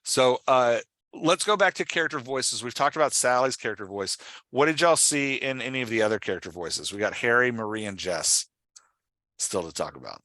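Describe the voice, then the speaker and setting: A man hosting a podcast, explaining with excited, fast-flowing talk in a casual discussion. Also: medium pitch, no room sound. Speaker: podcast host.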